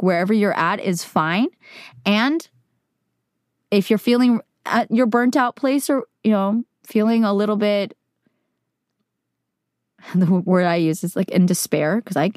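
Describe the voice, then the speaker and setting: Gal from california, kinda low voice, just being real w her viewers, lotsa "like"s, dry close sound. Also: darkish tone, no room sound. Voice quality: casual, heavy use of "like", mild swearing. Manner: earnest, reflective, emotionally open. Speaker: voice actor. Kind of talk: candid personal monologue to viewers.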